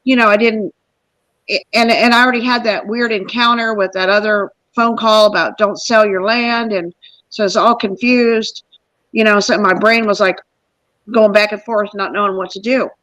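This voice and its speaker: A middle-aged woman hosting a podcast, telling a personal story in a rambling, animated way and acting out the people she quotes. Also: mid-range voice, normal speed, no room sound, low-quality recording. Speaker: podcast host. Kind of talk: casual storytelling.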